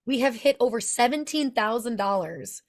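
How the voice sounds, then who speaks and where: A woman hosts a charity livestream and welcomes viewers back with real enthusiasm. Her voice sits fairly high for a woman. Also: animated, moderate pace. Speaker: telethon host. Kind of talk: livestream hosting.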